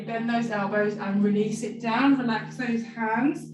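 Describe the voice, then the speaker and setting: A woman's voice: fairly high pitch, fairly even intonation, measured pace, few pauses. A woman leading a stretch class, giving playful, encouraging cues. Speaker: fitness instructor. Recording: echoey room, far from mic, music behind. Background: background music.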